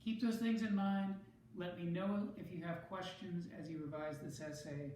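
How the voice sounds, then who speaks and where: A teacher walks students through essay writing in a measured, explanatory way at an even middle pitch. The voice rings through a very echoey room and sits at a distance from the mic. A faint hiss runs underneath. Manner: measured, explanatory, rereads for clarity. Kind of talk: recorded writing lesson.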